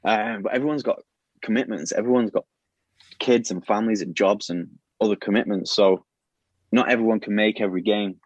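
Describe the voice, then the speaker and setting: A man's voice: on the low side, a little fast, no room sound. A man on a podcast casually retelling a plot idea, rambling with many restarts and fillers. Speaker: podcast host pitching a show plot. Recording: dull, lo-fi and dry.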